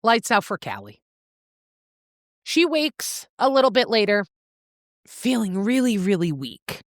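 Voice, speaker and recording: A woman's voice: medium pitch, very animated, a little slow, no room sound, studio quality. A woman co-hosting a book podcast, animatedly retelling a novel's plot and swearing freely. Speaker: podcast co-host. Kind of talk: casual book-club recap.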